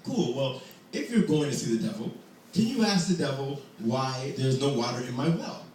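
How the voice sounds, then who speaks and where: Proud king who loves being flattered, man voicing him, raised pitch, echoey far room. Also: normal speed, slight background noise, close to an everyday voice. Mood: pleased.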